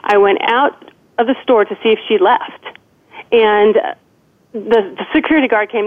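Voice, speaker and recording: A woman's voice: mid-range voice, normal speed. Woman in her 40s calling in, earnest, lots of "you know" and restarts, tinny phone sound. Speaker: guest. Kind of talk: emotional personal storytelling. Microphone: phone call.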